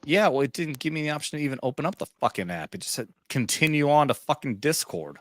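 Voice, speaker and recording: A man's voice: a little high, animated, fast. A drunk man co-hosting a podcast, talking loosely and swearing often in casual chat. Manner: loose and profane. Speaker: podcast co-host.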